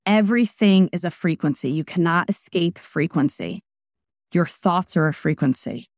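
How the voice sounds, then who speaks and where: A woman in her forties, a wellness practitioner being interviewed, talking in a casual, emphatic and animated way that jumps between asides. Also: fairly low pitch, moderate pace, no room sound, clean studio sound.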